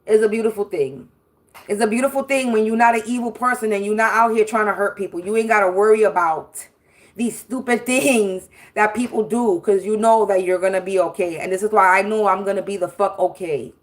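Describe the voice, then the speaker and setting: This spiritual livestream host is a woman with a medium-pitched voice, steady intonation, and a slightly quick pace. Her monologue is a foul-mouthed, confrontational rant, full of repetition and punctuated by laughs that come mid-sentence.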